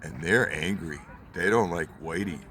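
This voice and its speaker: A man's voice: low voice, normal speed, a bit bright. A man in his late twenties giving a heated, swearing rant, repeating himself as he goes. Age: 20s. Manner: heated, repetitive, swears often. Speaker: vlogger. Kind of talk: angry profane rant. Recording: outdoor traffic noise.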